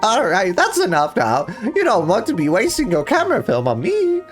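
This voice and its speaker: A man voicing a cheery old male villager from a puzzle video game in a high, wavering old-man voice. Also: huge pitch swings, normal speed, faint music behind. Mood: jolly.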